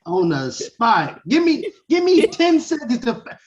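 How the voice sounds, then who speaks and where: High, bouncy-voiced playful podcast man. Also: wildly swooping pitch, measured pace, highs cut off, noisy background. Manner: playful, boastful banter. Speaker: podcast co-host. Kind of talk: casual chat.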